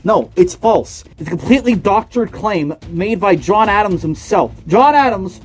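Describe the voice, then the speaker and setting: A young man with a high voice delivers a satirical mock-conspiracy tale. He rants with mock seriousness, booming one moment and dropping to a hushed tone the next. Faint music plays underneath. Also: expressive, moderate pace. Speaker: comedy video narrator.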